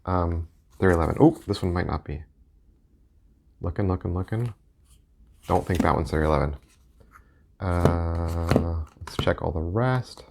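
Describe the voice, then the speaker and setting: A man's voice: low-pitched, creaky, noisy background. A man talking casually while looking through his playing card collection, thinking aloud and rambling as he goes. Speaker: deck collector and reviewer.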